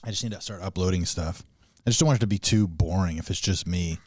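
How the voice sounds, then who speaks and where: A man on a casual comedy podcast, telling animated stories with bursts of laughter. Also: low-pitched, quick pace, no echo, clean studio sound.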